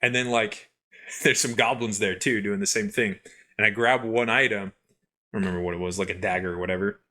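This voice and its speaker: A young man co-hosting a podcast who tells gaming stories in a rambling, animated way with lots of fillers. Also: lowish voice, brisk. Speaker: podcast co-host. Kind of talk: casual chat, storytelling.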